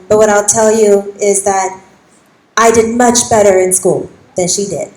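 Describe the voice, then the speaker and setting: A woman's voice: medium pitch, steady tone, measured pace, a little mellow. A young woman from East San Jose, a county school board trustee, giving an emotional, impassioned speech at a public meeting. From East San Jose, California. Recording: echoey hall with faint noise.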